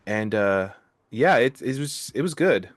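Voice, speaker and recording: A man's voice: mid-range voice, lively intonation, measured pace, no room sound, clean studio sound. A man co-hosting a podcast, giving easygoing film opinions with hesitant restarts. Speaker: podcast co-host. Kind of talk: casual film review chat.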